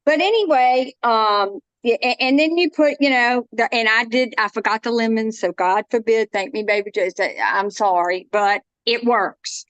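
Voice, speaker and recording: Lady chatting through a cooking demo, kinda high voice, dry close sound. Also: unhurried, few pauses, fairly bright tone, dry recording, muffled recording. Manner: chatty, folksy, self-interrupting. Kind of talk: casual cooking demonstration.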